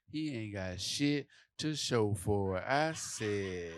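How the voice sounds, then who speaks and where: A man performing a stand-up comedy set for a live audience, telling stories loudly and playing out the quotes. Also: medium pitch, normal speed, few pauses, no room sound. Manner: loud, animated storytelling with acted quotes.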